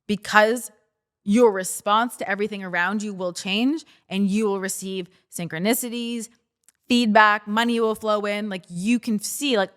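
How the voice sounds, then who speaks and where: A woman with a clear, resonant, medium-pitched voice hosts a self-help podcast in a relaxed, conversational coaching style. She speaks directly to her listeners, occasionally acting out their excited reactions in quick quoted asides.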